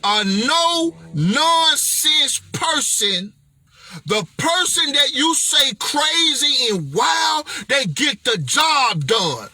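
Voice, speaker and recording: A man's voice: very high voice, sing-song, extremely slow, bright, forceful tone, no room sound. A man giving an emphatic, slangy motivational vlog talk as a speaker and author, playful and preachy.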